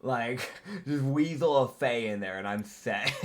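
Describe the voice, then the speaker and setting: A man's voice: mid-range voice, expressive, takes it slowly. Laid-back young man running a tabletop game. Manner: laughs often, swears casually. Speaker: game master. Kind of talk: casual tabletop game chat.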